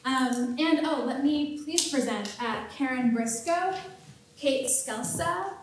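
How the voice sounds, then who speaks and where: A woman's voice: sits high, slow. A woman, the playwright, introducing an open rehearsal to an audience, hesitant and full of fillers. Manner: hesitant, with many fillers and restarts. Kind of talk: casual stage introduction. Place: theatre stage. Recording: echoey hall, far off, faint noise.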